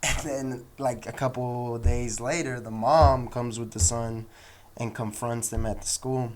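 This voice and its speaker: A man's voice: mid-range voice, little pitch movement, a little slow, noisy background. A young man with an American accent hosting a casual solo podcast, telling stories in a loose, rambling way. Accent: American English. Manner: loose and rambling, acts out quoted people in raised voices. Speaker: podcast host.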